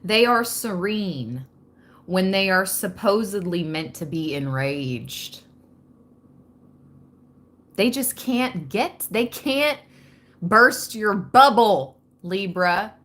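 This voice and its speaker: A woman's voice: medium pitch, lively intonation, takes it slowly, long pauses, a bit bright. A woman hosting a live spiritual reading, chatty and laughing often as she talks straight to her viewers. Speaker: tarot reader hosting a livestream.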